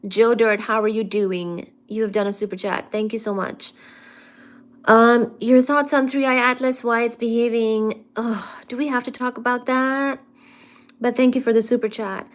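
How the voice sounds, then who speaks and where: A woman's voice: on the high side, fairly bright tone. A woman hosting a casual science live stream from home, playfully greeting viewers, reading their comments aloud and calling them darling. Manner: affectionate, calls viewers "darling".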